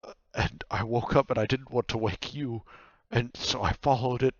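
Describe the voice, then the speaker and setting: A man's voice: medium pitch, steady tone, normal speed, no echo, lo-fi sound, pitched above the performer's own voice, natural voice. A man voicing a stammering, apologetic male nightmare spirit in a cloak, hesitant and tripping over his words.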